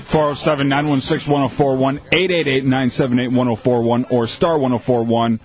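A man co-hosting a radio show, calmly explaining and making dry jabs, on a dull lo-fi broadcast. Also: medium pitch, brisk, over music. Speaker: radio co-host.

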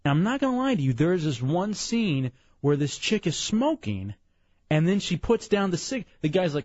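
A man's voice: high voice, normal speed, no room sound. A man hosting a casual talk radio show, joking with his co-host and taking calls from listeners. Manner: animated, joking, takes calls. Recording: lo-fi radio broadcast.

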